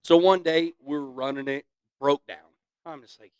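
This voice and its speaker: A man's voice: a little high, fairly even intonation, normal speed, clear, resonant tone, no echo. A man in his thirties, a podcast guest telling war stories in casual chat, swearing freely and acting out what others said. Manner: profane, laughing storyteller who acts out quotes. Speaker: podcast guest, equipment operator.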